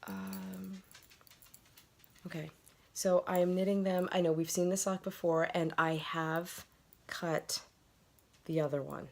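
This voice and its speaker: A woman's voice: on the low side, fairly even intonation, slow, long pauses. Chatty woman knitting-podcast host. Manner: chatty, giggly, full of fillers and asides; drops to a whisper while handling things. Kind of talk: casual video podcast chat. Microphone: camera mic, moves around off camera.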